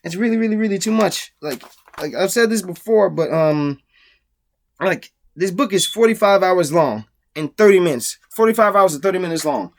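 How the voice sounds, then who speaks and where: A man's voice: sits high, lively intonation, moderate pace. Profane, ranting man reviewing a book. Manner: profane, exasperated, mocking.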